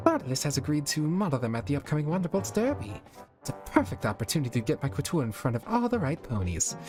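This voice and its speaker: A man's voice: on the high side, sing-song, fast talker, a little mellow, faint music behind, voice pushed up. A man voicing a posh, dramatic adult mare who is a fashion designer, in a refined, theatrical manner. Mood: gushing.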